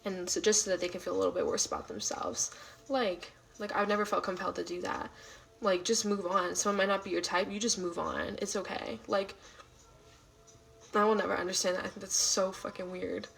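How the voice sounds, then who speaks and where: A woman hosting a casual livestream from home, rambling with lots of fillers as she answers chat, now and then dropping into soft half-whispered asides. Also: mid-range voice, expressive, fairly quick, vocal fry, low-quality recording. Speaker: livestream host. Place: at home late at night.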